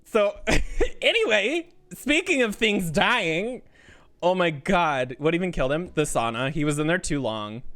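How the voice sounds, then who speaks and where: Excitable high-voiced man ranting at a game. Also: a little slow. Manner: excitable, swearing, yelling at the game; bursts of laughter and frantic repeated protests. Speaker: game streamer. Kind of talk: live-streamed gameplay commentary.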